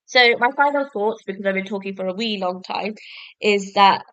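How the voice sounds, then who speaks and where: A woman's voice: medium pitch, moderate pace, fairly bright tone, clear, resonant tone, no room sound, muffled recording. A young woman, hosting a podcast and retelling a book's plot in a casual, chatty way, full of fillers. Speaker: podcast host. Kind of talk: casual book review monologue.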